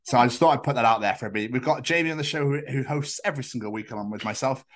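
A man with a Scottish accent co-hosting a podcast, an animated storyteller who swears freely. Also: mid-range voice, rapid-fire. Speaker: podcast co-host. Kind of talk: casual chat.

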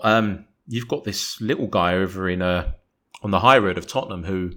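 This man's deep voice moves fairly quickly as he co-hosts a casual football podcast. He gets animated, rambling at length to argue his side and playing out imaginary exchanges.

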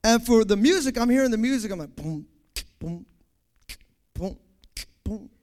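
Man, preaching, high-pitched, animated, sound effects. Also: unhurried. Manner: animated, acts out scenes, sound effects like boom. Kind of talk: sermon.

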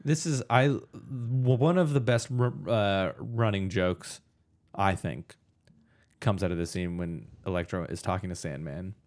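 A man in casual podcast chat about a movie, animated, swearing freely and acting out lines he quotes. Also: low-pitched, unhurried. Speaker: podcast co-host.

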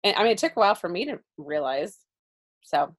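A woman co-hosting a podcast in casual chat, warm and gushing, quick to agree. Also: lowish voice, big pitch swings. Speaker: podcast co-host.

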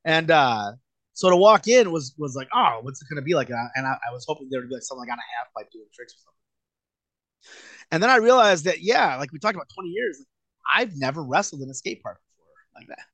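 A man in his late thirties telling stories in a relaxed, rambling way as a guest in an interview, full of filler words. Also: a little high, fast, no room sound. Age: late 30s. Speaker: guest wrestler. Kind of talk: casual storytelling in a podcast interview.

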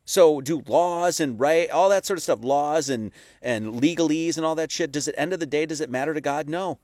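A man's voice: a little high, normal speed, darkish tone, no room sound, clean studio sound. A man giving a casual, conversational sermon, full of rhetorical questions and profane asides. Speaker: preacher.

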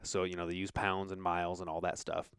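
A man's voice: low voice, level tone, fairly quick, a bit bright, smooth, no echo. A man hosting a podcast, talking casually and upbeat, rambling with fillers into a close mic. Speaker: podcast host.

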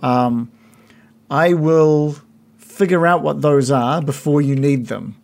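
A man narrating a tabletop game as game master, pausing often with ums as he describes the scene. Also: a little high, vocal fry, a little mellow. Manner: halting, many ums, unhurried description.

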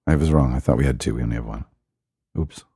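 A man's voice: extremely low pitch, fast talker, dark tone, husky. A man co-hosting a casual hockey podcast, wry and teasing. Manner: wry, teasing, swoops up in surprise. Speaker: podcast co-host. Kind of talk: casual chat about hockey.

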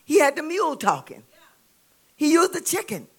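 A woman preaching a sermon with a Southern US accent, calling out to the congregation and building to shouts. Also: high-pitched, big pitch swings, moderate pace. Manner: call-and-response preaching, rising to shouts.

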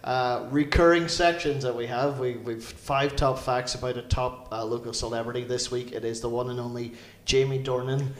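A Northern Irish man in his forties hosts a loose comedy podcast. He laughs a lot, stumbles over names and keeps the chat rolling. His voice sits mid-pitch in a roomy, echoey space. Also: steady tone, normal speed, hardly any pauses. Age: 40s. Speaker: podcast host. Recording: roomy echo.

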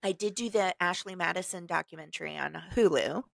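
A woman's voice: fairly low pitch, a little fast, creaky, no room sound. A woman co-hosting a podcast in casual chat, talkative and laughing often as she tells stories. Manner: chatty, laughs often, animated storyteller. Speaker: podcast co-host. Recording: dry close sound, remote call.

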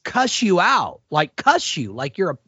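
A man's voice: high voice, huge pitch swings, measured pace, pushed and bright, slightly rough, dry recording. A man on a podcast, casually chatting and ranting with heavy swearing. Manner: profane, heated ranting. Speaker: podcast co-host. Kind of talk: casual chat. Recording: dry, dull lo-fi podcast audio.

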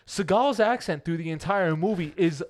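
A man's voice: high voice, animated, normal speed, darkish tone. A man casually reviewing a movie with a friend on a podcast, joking, swearing and restarting his sentences. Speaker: podcast co-host.

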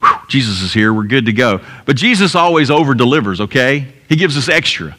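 A man's voice: medium pitch, sing-song, fairly quick, sharp tone. A male pastor preaching a sermon in an earnest, emphatic way, repeating key phrases for effect. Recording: long hall reverb.

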